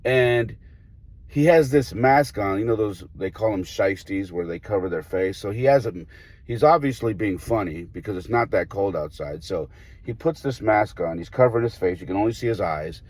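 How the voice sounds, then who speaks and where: A man with a low, husky voice tells a story as a coach would, in casual podcast talk. His delivery is animated and he slips into the voices of the people involved. The sound is close and dry, with no room around it. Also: moderate pace, no room sound. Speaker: high school baseball coach.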